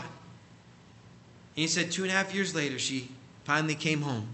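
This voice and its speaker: Guy preaching a story, bright edgy voice, a bit high, really emphatic. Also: unhurried, long pauses. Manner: emphatic, acts out quoted voices. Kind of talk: sermon storytelling.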